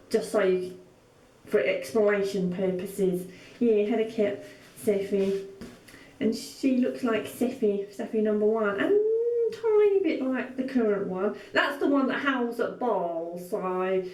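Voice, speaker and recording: A woman's voice: mid-range voice, lively intonation, measured pace, a little mellow, distant mic. A woman sewing vlogger opening gifts on camera, gushing and full of exclamations. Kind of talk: casual vlog, opening gifts. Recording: echoey room, mic set back.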